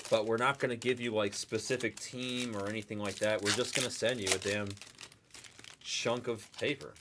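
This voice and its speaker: A man hosting a live card break stream, chatting loosely with viewers in the chat and pitching spots. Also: background noise. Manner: rambling, chatty, talks to the chat by name.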